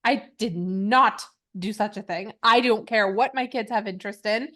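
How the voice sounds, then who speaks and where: A woman in her thirties co-hosting a podcast, chatting casually with quick laughs and self-mocking asides. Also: mid-range voice, a bit bright. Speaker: podcast co-host. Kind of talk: casual chat.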